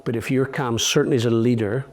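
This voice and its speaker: Middle-aged british guy, calm and steady, explains stuff patiently, medium pitch. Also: fast talker. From Britain. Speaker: guest, veteran and trainer. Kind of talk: casual interview.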